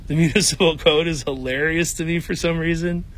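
A podcaster with a Chicago accent, reading playfully in a makeshift studio in a clothing shop, on a high-quality mic. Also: male voice, fairly even intonation, a little fast, a bit bright. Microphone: high-quality microphone.

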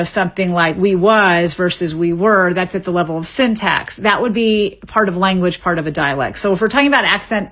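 A woman, a linguist being interviewed on radio, explaining in a measured way with small restarts. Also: lowish voice, fairly bright tone, breathy edge. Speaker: linguist guest.

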